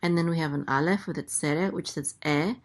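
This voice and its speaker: A woman's voice: low-pitched, fairly quick. A woman teaching a language lesson, going through letters and vowels and patiently repeating each syllable. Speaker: Hebrew teacher. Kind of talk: slow, careful letter-by-letter lesson.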